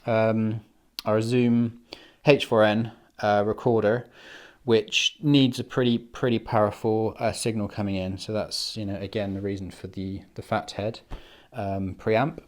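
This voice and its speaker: A man's voice: lowish voice, flat delivery, measured pace. A man casually talking through a microphone test, self-deprecating and rambling, with plenty of fillers and restarts. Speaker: video maker testing microphones. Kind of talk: casual, unscripted equipment walkthrough. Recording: roomy, echoey indoor recording.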